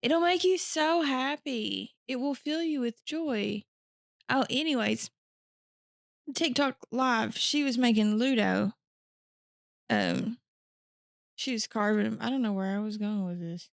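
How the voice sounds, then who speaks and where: A woman's voice: fairly high pitch, a little slow, vocal fry, pauses often, no room sound, clean studio sound. A woman co-hosting a podcast, chatting in a giggly, rambling, self-deprecating way. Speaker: podcast co-host. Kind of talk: casual chat.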